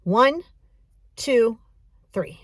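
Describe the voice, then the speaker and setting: A woman coaching a breathing exercise in a casual, encouraging, chatty way, counting slowly. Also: on the high side, animated, dry recording, studio quality. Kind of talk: casual guided breathing lesson.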